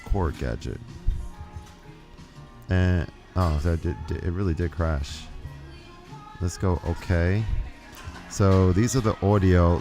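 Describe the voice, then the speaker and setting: Low-voiced man demoing music gear. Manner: chatty, thinks aloud, self-correcting. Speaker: music tutor streaming a recording setup demo. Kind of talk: casual live-stream walkthrough. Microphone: studio microphone.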